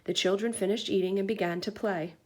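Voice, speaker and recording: A young woman teacher reading a picture book aloud to children, gentle and clear as she explains. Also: medium pitch, steady tone, a little fast.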